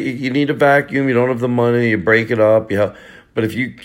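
A man's voice: mid-range voice, level tone, fast talker. A middle-aged man, a stand-up comedian hosting a podcast, riffing in a sarcastic, joking way with repeated bits. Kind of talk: casual comedic podcast banter.

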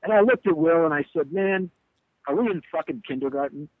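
This fairly high-pitched man speaks briskly while telling, in a candid interview, a heated tour story about a bandmate leaving during a show. As band leader, he's animated and profane and reenacts the quotes. Expect dry, poor audio.

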